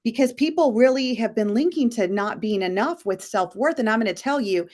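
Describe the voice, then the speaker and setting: A woman's voice: on the high side, lively intonation, fairly quick, a little mellow. Woman co-host, earnest coaching tone, live stream chat. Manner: earnest, coach-like, tells client stories. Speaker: co-host of a live talk show.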